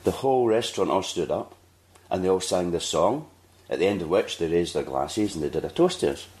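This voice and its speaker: A Scottish podcast host spins a long anecdote in casual chat, acting out the people he quotes. His low, darkish voice moves fairly quickly with lively intonation.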